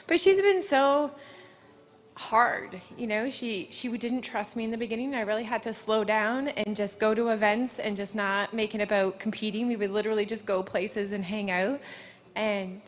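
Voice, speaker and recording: A woman's voice: medium pitch, fairly even intonation, moderate pace. Emotional woman horse trainer, interviewed on stage. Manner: emotional, holding back tears. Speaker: award-winning horse trainer.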